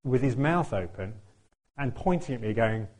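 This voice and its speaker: A man telling a lively anecdote, laughing often and acting out what other people said. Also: normal speed. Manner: animated, laughs often, acts out quotes in a higher voice. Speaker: tuba player telling a story. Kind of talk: anecdotal storytelling.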